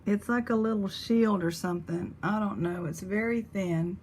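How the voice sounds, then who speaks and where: A woman's voice: mid-range voice, moderate pace, a little mellow, slight background noise. A woman chatting casually to viewers as she sorts through a box of old jewelry and talks to her pet. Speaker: jewelry reseller host. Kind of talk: casual unboxing chat.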